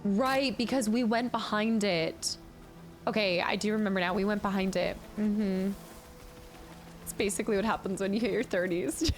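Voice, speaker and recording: A woman's voice: medium pitch, moderate pace, faint music behind. A woman in her late twenties chatting casually on a gaming livestream, talking with her chat and laughing often. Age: late 20s. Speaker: streamer.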